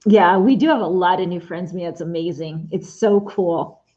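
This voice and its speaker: Her voice sits on the low side, warm and at a normal pace, captured in lo-fi sound. An Etsy shop owner, she sews at home during a live stream and chats easily, addressing commenters by name.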